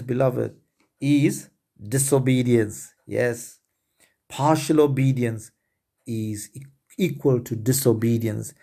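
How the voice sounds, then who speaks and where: Slow, earnest male preacher. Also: fairly high pitch, darkish tone. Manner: earnest, slow and emphatic, addressing listeners as beloved. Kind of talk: sermon.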